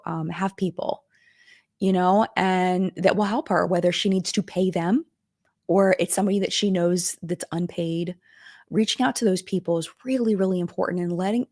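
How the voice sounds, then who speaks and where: Gravelly, emotional middle-aged woman streaming. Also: lowish voice, dry recording, clean studio sound. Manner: chatty and emotional, with filler words and restarts. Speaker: live-stream commentary host. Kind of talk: casual live-stream chat.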